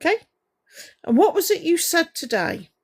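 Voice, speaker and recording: A woman's voice: extremely high pitch, big pitch swings, normal speed. A woman on a livestream, confrontationally scolding someone while greeting viewers by name between points. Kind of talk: ranting livestream monologue to chat.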